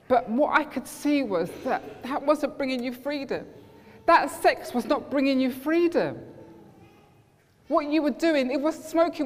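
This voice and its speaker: An earnest woman preaches a sermon and weaves in personal stories from her youth. Her voice sits a little high. The sound carries a long reverb, as in a church hall. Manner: personal storytelling, earnest, acts out quoted friends.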